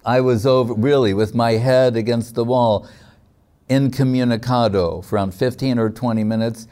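A man giving a devotional discourse, telling stories in a reflective, halting way with frequent fillers. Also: mid-range voice, steady tone, dark tone. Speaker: spiritual teacher.

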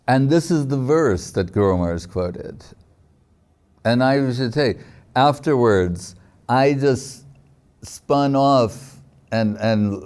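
Man, mellow tone, devotional teacher, reflective storyteller, halting delivery. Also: fairly low pitch. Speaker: spiritual teacher. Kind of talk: devotional discourse.

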